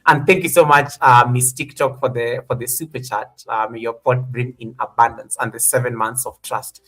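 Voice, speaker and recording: A man's voice: medium pitch, steady tone, moderate pace, hardly any pauses, a bit bright. A man hosting a casual livestream, upbeat as he thanks members and reads out the chat. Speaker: host.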